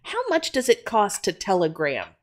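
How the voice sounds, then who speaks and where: A woman's voice: mid-range voice, huge pitch swings, moderate pace. A woman voicing a brash, ignorant woman customer who speaks curtly and incredulously, in an audio drama reading. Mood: huffy. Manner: curt, huffy, incredulous.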